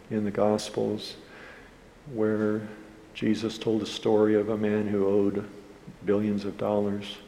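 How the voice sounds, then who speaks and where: A man's voice: on the low side, warm tone. A man preaching as a pastor, telling a story in an earnest way and acting out the people in it. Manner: earnest storytelling, quoting others in dialogue. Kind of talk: sermon with a storytelling anecdote. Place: church hall. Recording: hall reverb with faint room noise.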